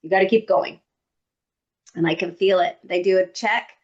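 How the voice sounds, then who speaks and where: A woman guest on a podcast, telling a personal story in an animated way and acting out what others said. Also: on the low side, normal speed, lo-fi sound.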